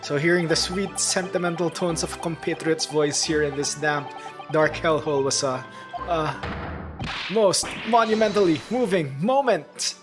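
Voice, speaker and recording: A man voicing an excitable young male scholar who speaks in grand, alliterative outbursts, over game music. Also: mid-range voice, moderate pace, lightly acted. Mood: gushing. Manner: theatrical, grandly wordy.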